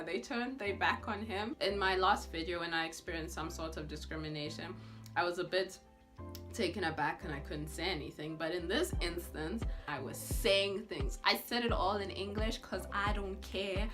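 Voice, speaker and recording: A young woman telling a personal story in a vlog, expressive, acting out what others said with gasps and laughs. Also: fairly low pitch, moderate pace. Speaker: vlogger. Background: background music.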